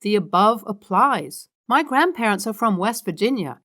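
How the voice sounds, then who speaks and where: Female narrator, mid-range voice, steady read-through of online stories. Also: mid-range voice, moderate pace. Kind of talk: reading online posts aloud.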